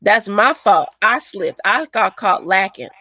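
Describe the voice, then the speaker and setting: Bright-voiced woman venting in heated chat. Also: medium pitch, measured pace, no room sound. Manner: animated, swearing, quotes others in put-on voices. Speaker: co-host. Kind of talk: heated casual commentary.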